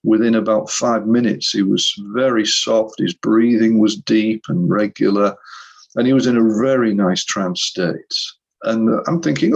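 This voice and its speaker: A middle-aged man, a hypnotherapist guest, telling a story in conversation with animated re-enactments and frequent restarts over a video call. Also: fairly low pitch, a little slow, gravelly, slightly rough, rough recording.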